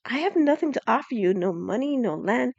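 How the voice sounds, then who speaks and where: A humble young farmer speaks softly and sincerely, read by a woman narrator in close to her own voice. The sound is dry and close, with no room in it. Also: on the high side, expressive, brisk, vocal fry, no room sound, muffled recording. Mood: tender.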